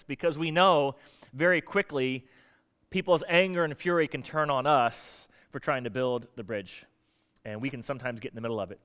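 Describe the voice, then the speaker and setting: A man's voice: mid-range voice, normal speed, fairly bright tone. Conversational man preaching a sermon. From United States. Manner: conversational, acts out quoted voices. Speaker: pastor.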